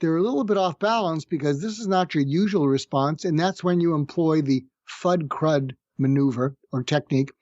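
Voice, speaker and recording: Street noise sits outside the room as a middle-aged psychiatrist, guesting on a podcast, explains conflict techniques with calm method and slowly demonstrates example lines. His voice runs somewhat high, and the sound has no echo but is slightly muffled, as though over a remote link.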